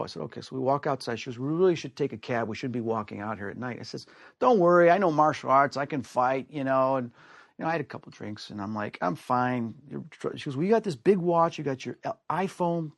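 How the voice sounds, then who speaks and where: A man from the United States recounts a personal story, jumping up in pitch and loudness whenever he acts out what someone said. His voice sits in the middle range for a man. The recording is dry and close, with no room sound. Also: no echo. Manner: acts out quoted voices with big pitch swings. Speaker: storyteller guest.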